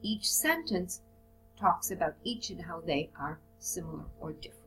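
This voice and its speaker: A woman teaching a recorded lesson on writing business reports. She reads model sentences and lists of phrases aloud, then stops to explain how they work. Faint music plays quietly behind her voice. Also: on the low side, moderate pace, rough recording. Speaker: English teacher.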